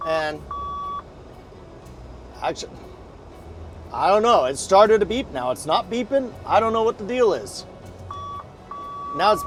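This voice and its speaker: A man with a high, lively voice narrates his gameplay live, cursing freely as things go wrong. His talk swoops up into sharp outbursts and back down. Game music plays clearly behind him. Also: measured pace, long pauses. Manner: swears often, exasperated outbursts. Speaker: streamer.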